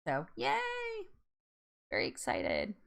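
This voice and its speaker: A woman hosting a casual live-stream chat, bubbly and chatty, laughing often and reacting out loud to viewer comments. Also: very deep voice, huge pitch swings, takes it slowly, vocal fry.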